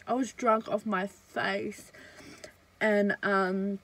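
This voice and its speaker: A woman's voice: mid-range voice, little pitch movement, slow, a bit bright, low-quality recording. A young woman, casually telling a storytime while eating, with lots of fillers. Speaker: vlogger. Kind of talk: storytime mukbang vlog.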